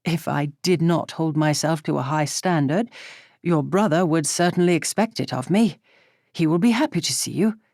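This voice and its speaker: A woman voicing a tactful, gentle gentleman who speaks formally and politely. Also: sits low, moderate pace, dry recording, clean studio sound. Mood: courteous. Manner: polite, formal Regency speech.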